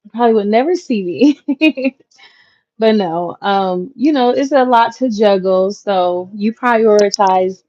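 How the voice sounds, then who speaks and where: Woman, 30s, channel host; unhurried, slightly low voice, casual slang, dull lo-fi recording. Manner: chatty, relaxed slang, frequent fillers. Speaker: content creator, channel host. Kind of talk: casual chat to viewers. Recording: dull lo-fi audio. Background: clacking noise.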